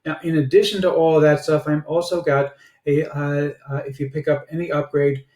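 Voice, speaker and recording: A man's voice: flat delivery, moderate pace, a little mellow. Chatty salesy man in an echoey room. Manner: chatty sales pitch with frequent filler "uh"s. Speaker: online marketer reviewing software. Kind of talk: casual product review screencast. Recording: roomy echo.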